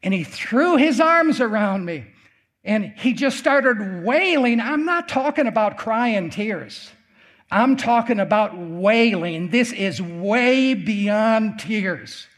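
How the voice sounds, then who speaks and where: A man's voice: high-pitched, expressive, takes it slowly, fairly bright tone. A male preacher telling a story in a sermon, emphatic and repeating phrases for effect.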